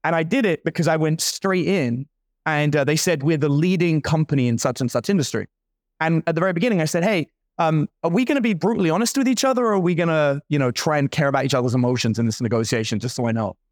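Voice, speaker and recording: A man's voice: fairly high pitch, quick pace, no room sound, clean studio sound. A man in his forties telling a story in casual talk, playing out the other people's lines as he goes. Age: 40s. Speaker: guest entrepreneur.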